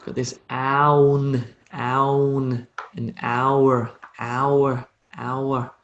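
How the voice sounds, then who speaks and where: A man's voice: medium pitch, flat delivery, highs cut off, a little hiss or hum. A man with an Australian accent teaching English pronunciation in a live online lesson, drawing out model phrases for students to repeat. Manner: slow, drawn-out model phrases for repetition.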